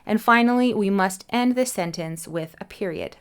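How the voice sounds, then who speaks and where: A woman with a medium-pitched voice teaches an English punctuation lesson. She explains each answer clearly and patiently, spelling out letters slowly.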